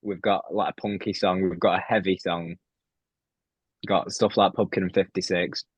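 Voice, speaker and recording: A man's voice: low-pitched, little pitch movement, moderate pace, slightly rough, no echo, low-quality recording. A teenage man, a laid-back, slangy band member in casual chat. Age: teens.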